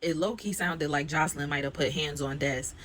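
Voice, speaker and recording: A woman's voice: low-pitched, steady tone, brisk, fairly bright tone, a little hiss or hum. A woman vlogger recapping a reality TV episode in a casual, slangy, conversational storytelling voice.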